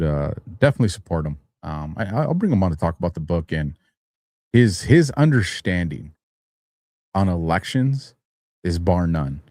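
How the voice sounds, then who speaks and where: A man's voice: low-pitched, no echo, studio quality. Tired man rambling on a livestream. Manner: rambling, chuckles between phrases, grows heated and louder when arguing. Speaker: host of a live-streamed talk show. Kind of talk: casual live-stream commentary. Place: studio.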